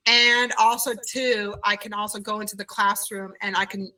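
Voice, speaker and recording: A woman who owns a childcare center, telling her story in an animated conversational way in an interview. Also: mid-range voice, moderate pace, far from the mic, low-quality recording. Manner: animated, acts out quoted voices.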